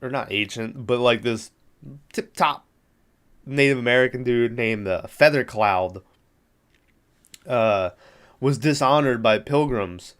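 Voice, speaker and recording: Man, podcast host, casual movie recap, rambling, swears freely, amused, smooth resonant voice. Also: mid-range voice, takes it slowly, pauses often, a bit bright.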